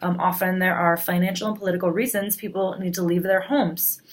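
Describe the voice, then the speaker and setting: A woman's voice: on the low side, steady tone, brisk. Woman teacher explaining assignments. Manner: plain, explanatory, with frequent fillers. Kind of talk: recorded class announcement.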